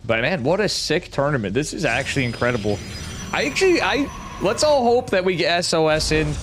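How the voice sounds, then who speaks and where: A man's voice: a little high, sing-song, fairly quick, fairly bright tone, a little hiss or hum. A man casting an esports match, chatting casually with a rambling, joking manner and frequent swearing. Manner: rambling, jokey, swears freely. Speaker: esports caster.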